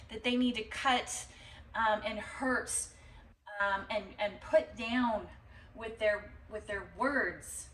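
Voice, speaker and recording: A woman gives a tarot reading in a loose, rambling way, swearing now and then. She talks slowly in a slightly high voice. She sits some way from the mic in an echoey room. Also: far from the mic. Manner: rambling, animated, swears and laughs. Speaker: tarot reader.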